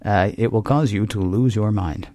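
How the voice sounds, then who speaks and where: A man's voice: lowish voice, normal speed, dark tone, dry recording, clean studio sound. A man from Tennessee co-hosting a podcast in casual discussion, rambling and joking with frequent laughs and restarts. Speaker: podcast co-host.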